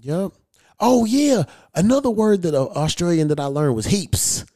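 This is a man, chatting on a podcast as host. His voice sits a little high and sounds mellow and relaxed as he tells rambling, profane stories packed with slang. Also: normal speed. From United States. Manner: loose storytelling, heavy slang and swearing. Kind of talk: casual profane chat.

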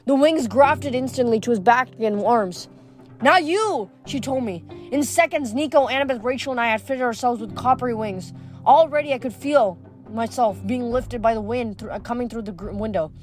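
A woman reading a novel aloud in a steady manner, with occasional slips and restarts. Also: a little high, brisk, soft background music. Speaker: reader.

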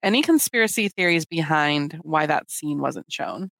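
Creaky host voice, chatty recap talk, super dry sound. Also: medium pitch, expressive, moderate pace, fairly bright tone, no room sound. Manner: conversational, explains and prompts others. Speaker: podcast host. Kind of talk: casual recap chat.

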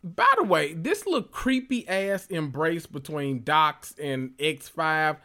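A man recaps a TV episode for his channel in a loose, casual reaction style. He speaks slowly but with a sassy, animated edge, swears freely, and his voice sits a bit higher than most men's.

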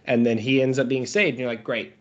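A man's voice: mid-range voice, fairly even intonation, fast. Wry, jokey podcast man. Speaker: podcast co-host. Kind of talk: casual chat. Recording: dull lo-fi audio.

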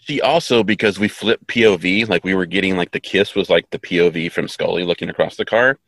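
A man's voice: sits low, brisk, creaky, fairly bright tone, dry recording. A man in his fifties co-hosting a podcast, chatting casually and wryly about an episode with offhand asides and trivia. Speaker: podcast co-host. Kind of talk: casual chat recapping an episode.

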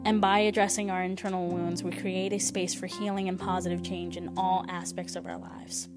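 A woman hosting a solo spiritual podcast, talking in a gentle, reflective and encouraging way. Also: lowish voice, level tone, moderate pace. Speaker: podcast host. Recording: voice over clear background music. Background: instrumental music.

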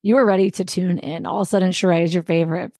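A woman co-hosting a podcast in casual chat, reflective and quick to laugh softly at herself. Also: fairly low pitch, fairly even intonation, dry recording, clean studio sound. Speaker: podcast co-host.

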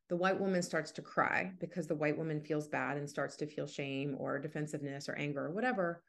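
A woman's voice: sits low, fairly even intonation, a little fast, vocal fry, few pauses. A woman hosting a podcast, talking things through in a thoughtful, unscripted way with frequent restarts. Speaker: podcast host. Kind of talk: casual podcast monologue.

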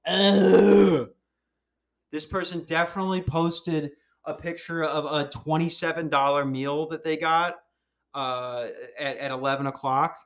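A man hosting a podcast, ranting casually in a heated, profane, animated way. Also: fairly high pitch. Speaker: podcast host.

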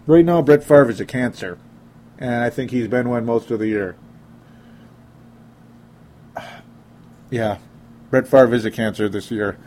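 A man's voice: mid-range voice, a little slow, pauses often, darkish tone, slight background noise. A young man hosting a casual sports talk show, reading listener comments aloud and joking around. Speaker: sports podcast host.

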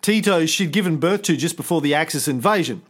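Playful joking man, fairly high voice. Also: lively intonation, fairly quick. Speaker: podcast host. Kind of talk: casual history chat.

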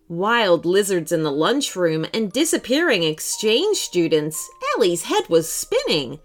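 A woman reading a children's story aloud in an expressive, animated way. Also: fairly high pitch.

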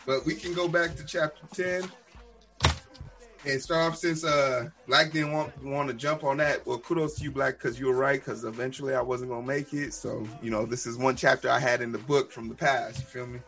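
A man's voice: medium pitch, fairly even intonation, moderate pace, fairly bright tone, soft background music. A man hosting a casual book club podcast, joking and teasing his friends while tired after a long shift.

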